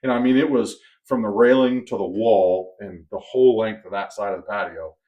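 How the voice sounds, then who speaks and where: Animated man telling a story. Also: on the low side, fairly quick, dull audio. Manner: animated storyteller, acts out quoted voices. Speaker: podcast co-host. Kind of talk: casual storytelling.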